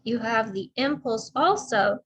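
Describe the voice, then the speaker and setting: A middle-aged woman speech therapist giving a slow, deliberate instructional talk, demonstrating intonation as she explains. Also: fairly high pitch, animated, poor audio.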